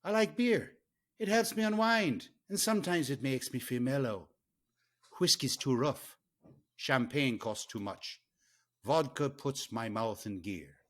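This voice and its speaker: A man's voice: medium pitch, expressive, a little slow, a bit bright. A man putting on an Irish accent to recite a jolly beer song in a lilting, sing-song way. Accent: put-on Irish.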